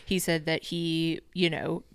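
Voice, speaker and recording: A woman co-host recaps a reality show in a relaxed, chatty way, retelling each scene with a string of "he's like" asides. Her voice is smooth and clear. She is recorded close and dry, with no room around her. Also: low-pitched, slow, dry recording. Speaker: podcast co-host. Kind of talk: casual recap chat.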